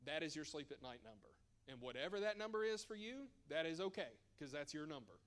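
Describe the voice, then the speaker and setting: A man's voice: fairly high pitch, sing-song, fast, fairly bright tone. A man presenting at a church seminar as a financial advisor, conversational and emphatic with joking asides.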